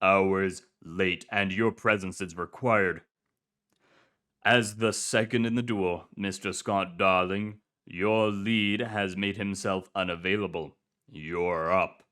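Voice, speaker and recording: A big stern enforcer barking formal orders at a latecomer in a storybook reading, as a low-voiced male reader puts him on. His voice sits low and scolding, pushed forward with an odd, strained edge. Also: fairly even intonation, slow pace, bright, forceful tone, full character voice.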